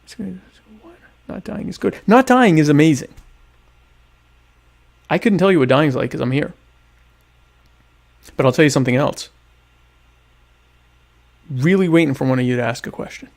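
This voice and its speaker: This man's slightly high, gravelly voice moves at a moderate pace with long pauses. He's a podcast host on a webcam livestream from home, eating dinner and rambling with sarcasm and mock grandeur.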